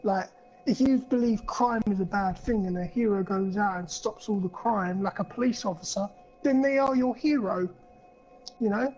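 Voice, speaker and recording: A man's voice: sits high, moderate pace, a little mellow, muffled recording, soft background music. A man co-hosting a podcast, ranting in casual chat, swearing a lot and rambling with plenty of fillers. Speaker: podcast co-host.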